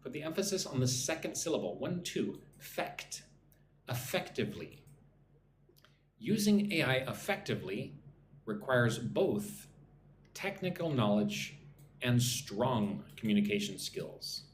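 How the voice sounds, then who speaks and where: A man teaching English on a live stream, drilling phrases slowly and greeting viewers from the chat, a little sleepy. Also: medium pitch, very animated. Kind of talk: live-streamed pronunciation lesson. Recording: echoey room with faint background noise.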